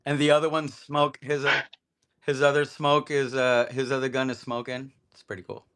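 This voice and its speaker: A man with a bright, forward voice, chatting easily about his custom toy scenes. He talks loosely, drops swear words and laughs along with his friends. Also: mid-range voice, little pitch movement, moderate pace. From Las Vegas area, USA. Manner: laid-back, swears freely, laughs often. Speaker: toy photographer guest. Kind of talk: casual chat.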